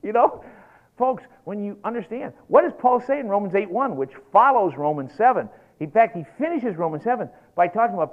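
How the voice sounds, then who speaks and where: Animated folksy male preacher, tinny recording. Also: high voice, fairly quick. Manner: animated and folksy, gets worked up. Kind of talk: sermon.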